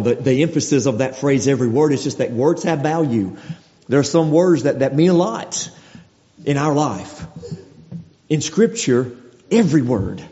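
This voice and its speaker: A man's voice: mid-range voice, mellow. A man preaching a sermon in a conversational way, often restarting his phrases. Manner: conversational, with frequent restarts and acted quotes. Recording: dull sound with long hall reverb.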